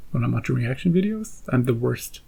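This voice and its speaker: A man's voice: mid-range voice, lively intonation, a little fast, gravelly, warm tone, slight background noise, poor audio. A man hosting a reaction channel, chatting casually to his viewers in a rambling way and often repeating himself. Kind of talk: casual chat to camera.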